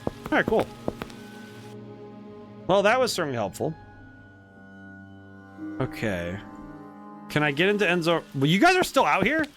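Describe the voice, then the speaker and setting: A man's voice: a little high, huge pitch swings, measured pace, long pauses, a bit bright, soft background music. A man streaming a story game, giving casual commentary and musing aloud in a rambling way. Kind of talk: casual let's-play commentary.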